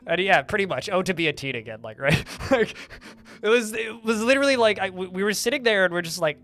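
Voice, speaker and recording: A man's voice: sits high, big pitch swings, rapid-fire, fairly bright tone, soft background music. A man live-streaming a game, telling a rambling story in a chatty, casual way with mild swearing.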